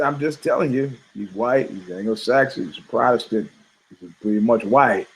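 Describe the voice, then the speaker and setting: A middle-aged man, a podcast co-host, talking casually and with strong opinions, telling animated stories and acting out the people he quotes. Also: medium pitch, moderate pace, slight background noise, low-quality recording. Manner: animated storytelling, acts out quoted voices, frequent laughs.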